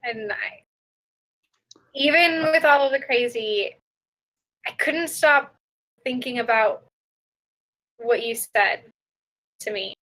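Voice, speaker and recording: A woman's voice: fairly high pitch, slow, pauses often, fairly bright tone. A woman playing Laura, a flustered young dater. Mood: nervous. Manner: flustered, hesitant, giggly. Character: Laura, nervous awkward young woman on a date. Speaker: player voicing her character. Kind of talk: improvised tabletop role-play.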